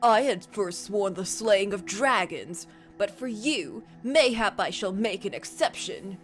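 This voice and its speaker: A woman voicing an impatient, retired male dragon slayer in a deeper drawling put-on voice. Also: expressive, takes it slowly, faint music behind. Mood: snarling.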